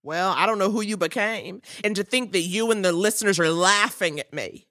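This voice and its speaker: A woman's voice: medium pitch, moderate pace, fairly bright tone. A woman co-hosting a comedy podcast, teasing her co-host with theatrical mock indignation. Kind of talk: casual comedic chat.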